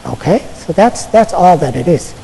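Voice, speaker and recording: An American man, a Buddhist monk, giving a casual Zen dharma talk to an audience, halting and full of fillers, often checking in with "okay?". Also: high voice, animated, vocal fry, mellow, a little hiss or hum. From United States. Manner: halting, conversational, many fillers and repeated "okay?". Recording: echoey lecture hall.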